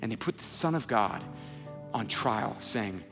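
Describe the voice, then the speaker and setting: Speaking unhurriedly in a fairly low, animated voice, a young adult pastor gives a conversational sermon, dramatizing the quotes he shares. He works up to near-shouting passion, with long hall reverb and soft background music.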